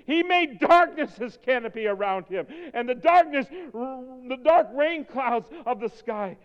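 Fervent high-voiced male preacher. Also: smooth, dull audio. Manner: fervent, swings between quiet intimacy and shouting. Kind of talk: sermon. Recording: long hall reverb.

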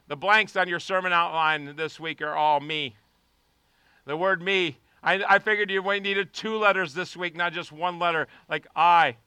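A man preaching a sermon as pastor, passionately swinging between quiet, prayerful lines and loud, shouted appeals. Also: on the high side, clear, resonant tone, dry recording.

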